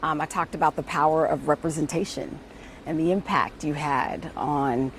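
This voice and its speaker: A woman from the US Midwest interviewing a guest, chatty and enthusiastic, quick to react. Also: low-pitched, steady tone, a little hiss or hum. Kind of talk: friendly interview chat.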